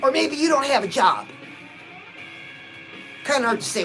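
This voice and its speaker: Guy hyping up his viewers, pep talk style, keeps saying oh, soft music in the back. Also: very high voice, big pitch swings, moderate pace, vocal fry, poor audio. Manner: punchy, exhorting, peppered with "oh". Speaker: motivational livestream host.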